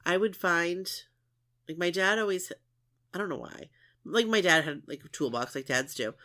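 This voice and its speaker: A woman in her thirties with a low-pitched voice co-hosts a podcast. She talks in a loose, chatty way, trailing off and restarting with plenty of "like". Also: normal speed, sharp tone. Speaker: podcast co-host. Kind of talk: casual chat.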